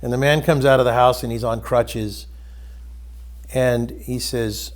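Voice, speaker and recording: A man hosting a spiritual discussion, retelling a story in a loose, rambling way and dropping into soft quoted voices. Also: mid-range voice, steady tone, a little slow. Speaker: host.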